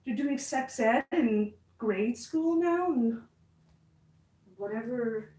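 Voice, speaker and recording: A woman's voice: on the high side, expressive, slow pace, warm tone, distant mic. A woman vlogger chatting casually to camera, reading out viewer comments and reacting bluntly, swearing when annoyed. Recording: roomy, from away from the mic.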